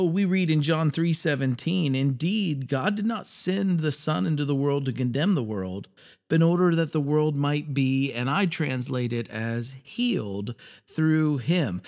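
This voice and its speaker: A man hosting a faith podcast, talking earnestly and reading scripture passages aloud with pauses. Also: on the high side. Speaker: podcast host. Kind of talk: reflective faith podcast talk.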